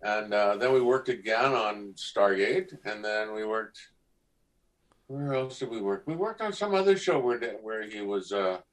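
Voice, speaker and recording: A man's voice: on the low side, unhurried. A middle-aged man, a guest actor, chatting and telling anecdotes in an interview, often acting out the voices of people in his stories. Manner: animated, acts out voices in anecdotes. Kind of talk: casual interview storytelling.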